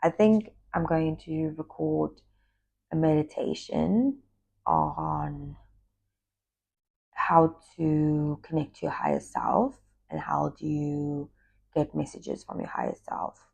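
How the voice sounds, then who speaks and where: A woman, a former yoga teacher, talking in a casual personal monologue, confiding and reflective, sometimes dropping into soft whispers. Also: big pitch swings, slow. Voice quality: gravelly, husky low voice. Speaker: spiritual talk host, former yoga teacher.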